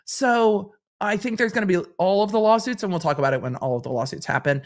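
A woman's voice: medium pitch, fast talker, hardly any pauses. A woman in her forties from Los Angeles hosting a casual livestream, chatting and reading viewer comments, often repeating phrases for effect. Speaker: host and lawyer commentator.

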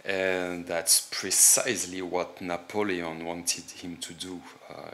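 French-accented male reactor, very low voice, slow halting speech, faint background noise. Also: flat delivery, pushed and bright. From France. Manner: halting, many fillers and restarts. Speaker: reaction video host. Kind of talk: casual commentary.

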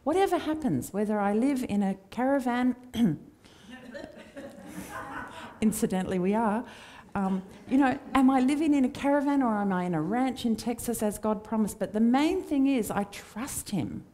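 Woman preaching, dark mellow voice. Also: a little high, animated, moderate pace. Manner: conversational, warm storytelling with acted quotes. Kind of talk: sermon. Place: church.

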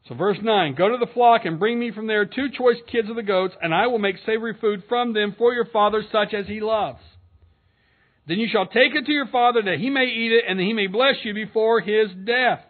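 Male pastor, earnest expository sermon, high-pitched, thin telephone-line quality. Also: normal speed. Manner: earnest, reads scripture aloud and comments between verses. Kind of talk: expository sermon with scripture reading. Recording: narrow phone-like sound.

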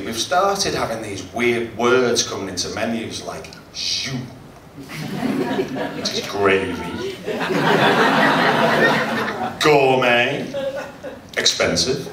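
A man in his forties does a chatty stand-up set and bantering with the crowd, his pitch lively and animated. The recording is roomy and distant, with loud noise from a live hotel function room behind him. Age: 40s. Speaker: stand-up comedian.

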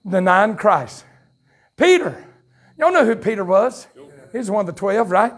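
A man with a Southern US accent preaching a revival sermon in a church, shouting his lines in a fiery way, with folksy turns of phrase, quick asides and chuckles. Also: sits high, big pitch swings. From North Carolina, USA. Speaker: pastor. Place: church sanctuary at a campmeeting. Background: congregation calling out responses.

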